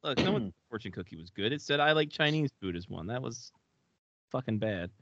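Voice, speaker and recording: A man's voice: medium pitch, expressive, fairly quick, a bit bright, dry recording, muffled recording. A man hosting a casual podcast chat, joking around and swearing freely. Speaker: podcast host.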